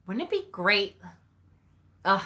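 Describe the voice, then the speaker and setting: Bright-voiced woman chatting on a livestream. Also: medium pitch, very animated, slow pace. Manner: chatty, reads and answers viewer comments, calls them honey; gushing, emotional. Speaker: livestream host. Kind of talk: casual live chat with viewers.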